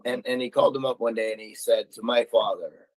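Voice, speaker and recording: A middle-aged male talk show host telling a personal story with stammers and sudden shouted emphasis. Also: mid-range voice, steady tone, fairly quick, no echo, rough recording.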